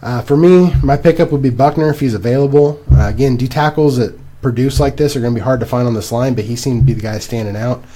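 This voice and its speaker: A young man co-hosting a casual podcast, rambling and animated as he recaps games. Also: medium pitch, fast talker, hardly any pauses. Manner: animated, rambling, laughs at himself. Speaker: podcast co-host. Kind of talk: casual fantasy football chat.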